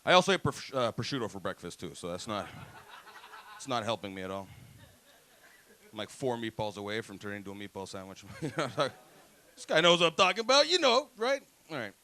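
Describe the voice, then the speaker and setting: Stand-up comic, thirties, Toronto accent, bright voice, laughs through his lines. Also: mid-range voice, animated, brisk. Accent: Toronto English. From Toronto, Canada. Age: 30s. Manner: profane, laughing, acts out voices. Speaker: stand-up comedian. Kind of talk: stand-up comedy set. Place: comedy club stage.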